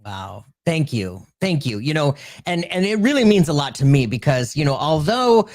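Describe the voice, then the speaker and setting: A man's voice: fairly high pitch, sing-song, normal speed, a little mellow. Earnest reflective male host. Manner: earnest, reflective, searches for words. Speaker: host, medium. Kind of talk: casual spiritual conversation.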